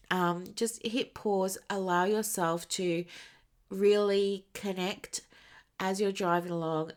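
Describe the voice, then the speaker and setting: A woman hosting a solo podcast as a business coach, chatting casually with many fillers and small laughs, and she has the hiccups. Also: lowish voice. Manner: chatty and warm, with frequent fillers and little laughs.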